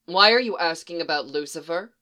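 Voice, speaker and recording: A hostile female demon tending bar, guarded and menacing, her voice kept low, as an audiobook reader puts her on. It still carries a bright, forward tone. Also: lively intonation, a little fast. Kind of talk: audiobook reading.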